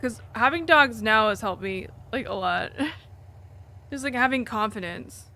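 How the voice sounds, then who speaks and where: A woman's voice: fairly high pitch, animated, measured pace, pushed and bright. A young woman live streamer telling a personal story in a casual, rambling way, full of "like" and casual swearing, between reading chat. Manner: rambling, candid, fillers like "like" throughout.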